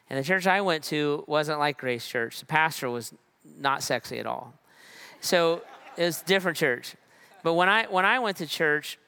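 Man, pastor in church, fairly high and bright voice, relaxed sermon, repeated phrases. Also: smooth. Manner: conversational and relaxed, with repeated phrases and slow emphatic pauses.

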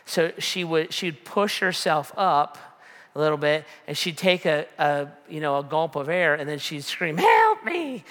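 Casual storytelling preacher, bright voice, fairly high, rambling delivery, long hall reverb. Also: male voice, fairly even intonation, moderate pace. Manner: rambling, casual, many fillers and restarts. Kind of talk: storytelling sermon.

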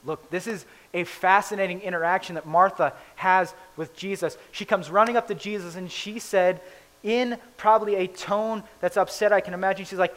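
A man with a slightly high voice preaches in a relaxed, conversational way. He retells a scripture story in his own casual words, with lively animation. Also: moderate pace, rough recording. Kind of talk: conversational sermon.

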